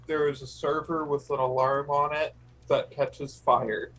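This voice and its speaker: A man playing a tabletop role-playing game, lively and playful. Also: a little high, a little slow, rough recording. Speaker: player. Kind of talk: casual tabletop game play.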